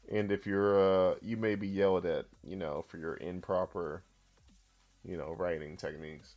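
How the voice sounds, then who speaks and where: A man streaming a casual language lesson, who swears in loud outbursts and reads chat aloud. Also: low-pitched, steady tone, a little slow, pauses often, soft background music. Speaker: streamer teaching Japanese.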